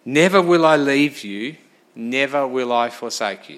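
A man preaching a sermon, lively and direct, asking the congregation questions and moving between loud emphasis and quiet asides. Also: mid-range voice, a little slow. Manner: animated, talks straight to the congregation with questions.

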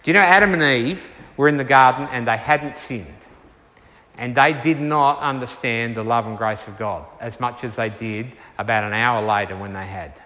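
A man preaching a sermon and taking questions, earnest and unhurried, slowing down to stress key words. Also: medium pitch, pushed and bright. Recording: reverberant hall.

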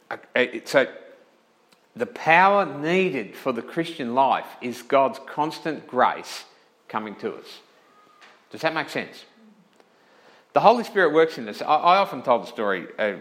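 A man's voice: mid-range voice, a bit bright, low-quality recording. Man preaching a conversational sermon. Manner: checks in with listeners often; self-correcting, thinking aloud. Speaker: pastor.

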